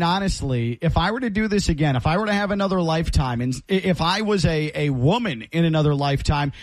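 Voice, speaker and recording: A man with a notably high voice, recorded dry and close to the mic. He trades playful, exasperated banter with his co-host on a casual talk show and spins jokey what-if tangents. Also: dry recording.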